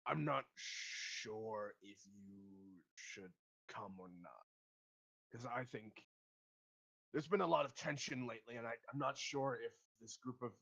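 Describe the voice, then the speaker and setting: A man voicing a cautious, conflicted father who speaks haltingly. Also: lowish voice, a bit bright, husky. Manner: hesitant, halting. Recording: dull lo-fi recording.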